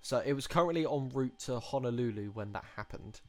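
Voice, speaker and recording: A man on a casual podcast, recapping news stories in a hesitant, halting way. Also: medium pitch, animated, a crowd in the background. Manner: hesitant, halting, many ums. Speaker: podcast co-host.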